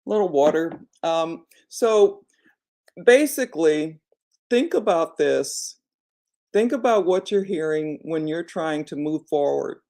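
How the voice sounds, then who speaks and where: A woman with a low, gravelly voice talks to the camera as an online business coach. Her tone is mellow and unhurried. She encourages her viewers directly and fills her sentences with "you know.". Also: expressive. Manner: conversational, frequent "you know" fillers. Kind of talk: casual reflective vlog talk.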